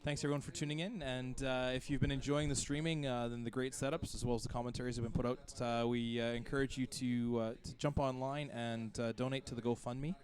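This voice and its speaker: A man with a Canadian accent co-commentating a hockey match, giving relaxed, coach-like analysis. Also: mid-range voice, a little fast, hardly any pauses. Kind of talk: sports commentary.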